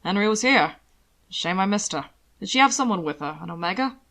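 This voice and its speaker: A woman voicing a suave, soft-spoken male aristocrat who talks in a low, hushed, measured way. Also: expressive.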